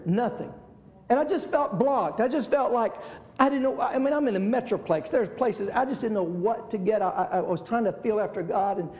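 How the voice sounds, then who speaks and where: High-voiced pastor preaching. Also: male voice, a little mellow, roomy sound. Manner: impassioned preaching, repeats phrases, calls out amen and hallelujah. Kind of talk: sermon. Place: church.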